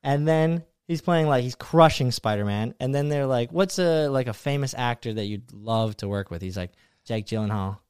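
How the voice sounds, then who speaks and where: A man's voice: medium pitch, moderate pace, darkish tone, clean tone, no room sound, studio quality. A young man co-hosting a podcast, telling stories in casual chat and laughing easily. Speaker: podcast co-host.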